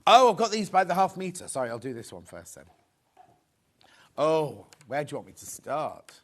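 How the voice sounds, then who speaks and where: A man's voice: a little high, big pitch swings, moderate pace, a bit bright. A man presenting fabrics on a live TV shopping show, chatty and rambling, full of anecdotes.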